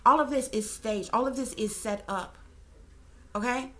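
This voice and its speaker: A woman with a fairly high voice speaks straight to her viewers in loose, casual commentary. She presses each point hard, checks in with "okay?" over and over, and swears without a second thought. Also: normal speed, a bit bright. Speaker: psychic reader and channel host.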